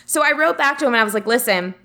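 Bright-voiced chatty woman podcaster. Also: sits high, very fast. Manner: rambling, full of "like" fillers. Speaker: podcast co-host. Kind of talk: casual chat.

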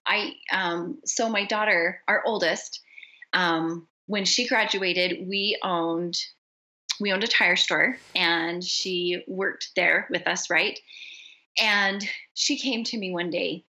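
Middle-aged woman, podcast guest; bright and ringing, animated storyteller who acts out the dialogue. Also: on the low side, takes it slowly, low-quality recording. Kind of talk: casual conversation.

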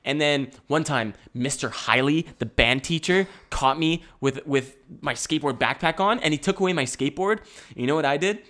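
A man's voice: on the high side, moderate pace, fairly bright tone. A young man telling a rambling comic story, swearing freely, laughing often and breaking into self-mocking asides. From Canada.

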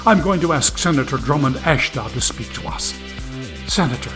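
Fields: a man voicing a televangelist, high pleading sermon voice. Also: normal speed, over music, natural voice. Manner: preachy, rising fervor, pleading. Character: fervent male TV preacher, tearful, pleading for donations.

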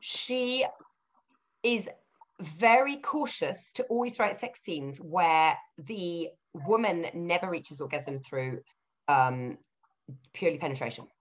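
Lively, giggly woman podcast host. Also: fairly low pitch. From England. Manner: chatty and giggly, quick to laugh. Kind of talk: casual podcast chat.

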